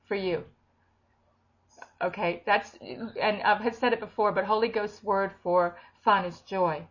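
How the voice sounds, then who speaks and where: Woman, mid pitch, prays and exhorts with lively swings, lo-fi recording. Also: measured pace. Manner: animated, breaks into tongues and acted quotes. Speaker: prayer minister. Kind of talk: charismatic prayer session. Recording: dull lo-fi recording.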